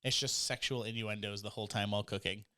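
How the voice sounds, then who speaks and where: A man's voice: on the low side, steady tone, fast talker, pushed and bright, clear, resonant tone. A man co-hosting a podcast in casual joking chat, laughing often and trying out silly voices. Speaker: podcast co-host.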